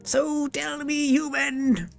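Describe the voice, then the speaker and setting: Lady Sage Leaf, a shrill gravelly goblin queen, as a man puts her on. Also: flat delivery, takes it slowly, faint music behind, full character voice. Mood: haughty. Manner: imperious, contemptuous. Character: tiny, threatening goblin queen, haughty and scornful. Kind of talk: video game dialogue read aloud.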